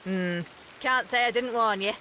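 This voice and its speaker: An actress voicing a suspicious, nosy old village woman, speaking bluntly and slowly. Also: a little high, bright, forceful tone, slight background noise. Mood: prying. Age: older. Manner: blunt, prying, slow and drawn-out. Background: game music and rain.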